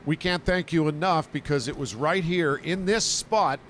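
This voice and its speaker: A man's voice: on the high side, normal speed, fairly bright tone, slight background noise. A man hosting a casual podcast in a grocery store, upbeat, thanking guests and reading promos. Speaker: podcast host.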